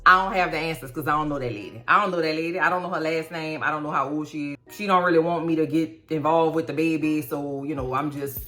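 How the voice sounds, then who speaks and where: A woman's voice: low-pitched, fast, hardly any pauses, bright, forceful tone, soft background music. Lady doing a sheepish young dude, mumbly and offhand. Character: sheepish young man confessing to his stepmother.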